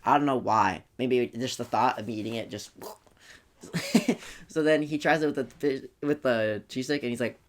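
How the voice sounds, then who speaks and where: A man's voice: mid-range voice, moderate pace. A young man in his late teens co-hosting a casual podcast, teasing his friend and laughing often as he tells stories. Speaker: podcast co-host. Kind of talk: casual chat.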